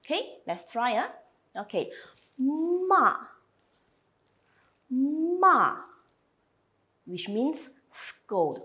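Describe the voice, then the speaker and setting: A woman's voice: mid-range voice, very animated, slow pace, darkish tone. A woman teaching a slide lesson, patiently modelling each sound and repeating it for learners. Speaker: language teacher.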